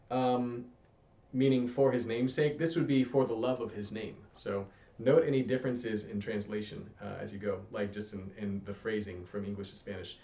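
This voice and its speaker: A man teaching a casual Spanish lesson, rambling with fillers and slowing down to read passages carefully. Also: mid-range voice, fairly even intonation, dark tone. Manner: rambling, with many fillers, slows to careful deliberate reading. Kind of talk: casual home lesson with read-aloud practice. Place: room at home with a fan running. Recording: roomy, distant, slightly dull home recording.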